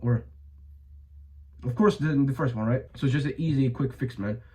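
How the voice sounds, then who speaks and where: A man's voice: mid-range voice, moderate pace, warm tone, rough recording. A young man giving blunt, profane advice in a casual monologue, full of fillers and restarts, his voice a bit strained. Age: young adult. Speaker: vlogger.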